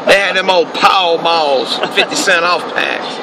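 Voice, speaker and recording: A man's voice: sits high, unhurried, background noise. A man making blunt, wisecracking remarks in a casual chat while riding in a car at night.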